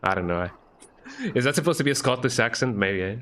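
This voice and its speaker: A man's voice: medium pitch, animated, quick pace, a bit bright. A man streaming a first playthrough of a game, playfully commenting and reading dialogue aloud, tagging "eh?" onto lines. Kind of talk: casual let's-play commentary.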